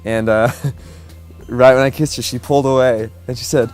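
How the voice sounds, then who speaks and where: In a relaxed interview, a young man in his twenties recounts meeting his fiancée and proposing to her, chuckling easily and filling his speech with fillers. His medium-pitched voice has a clean tone, fairly even intonation and a moderate pace. Soft music runs beneath him.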